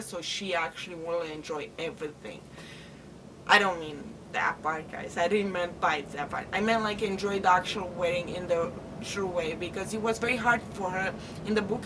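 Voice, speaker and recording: A woman's voice: mid-range voice, distant mic, noisy background. A woman giving a casual, rambling vlog book review, full of "like" and "uh" fillers. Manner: rambling, chatty, lots of "like" and "uh".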